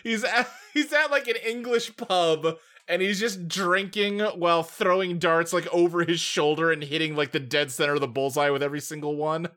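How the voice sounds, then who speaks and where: A man's voice: a little high, moderate pace, fairly bright tone. A man co-hosting a casual podcast, recounting film scenes in detail and chuckling often. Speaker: podcast co-host. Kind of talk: casual movie recap chat.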